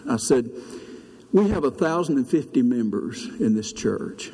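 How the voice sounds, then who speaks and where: A man's voice: very animated, measured pace, warm tone, husky. An older man, preaching a sermon as pastor, telling a story in an earnest way. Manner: storytelling, earnest, rises high when preaching. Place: church sanctuary. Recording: long reverb of a church hall.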